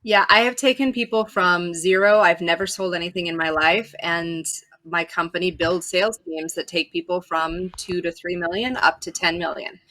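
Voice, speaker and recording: A woman's voice: lowish voice, fairly even intonation, moderate pace, hardly any pauses, bright, forceful tone. A woman sales coach, a guest on a talk show, speaking with enthusiastic, emphatic passion. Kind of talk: conversational interview.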